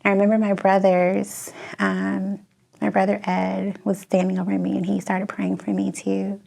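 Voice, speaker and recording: A woman with a Chicago accent, a guest telling an emotional personal story, expressive and tearful at times. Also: medium pitch, normal speed, vocal fry. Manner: expressive storyteller, laughs and tears up.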